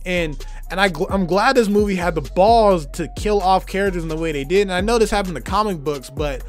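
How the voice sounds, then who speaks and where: A young man with a hoarse, worn-out voice giving an enthusiastic, rambling movie review full of fillers. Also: high-pitched, fairly quick, faint music behind. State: hoarse, tired voice. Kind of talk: casual movie review vlog.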